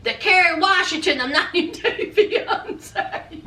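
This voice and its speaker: A high, bright-voiced woman recaps a reality show like gossip with a friend, sassy and chatty, tossing in honey and child. She sounds a bit away from the mic in an echoey room. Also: animated, a little slow, distant mic. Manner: chatty gossipy storytelling with laughs. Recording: roomy echo, voice off-mic.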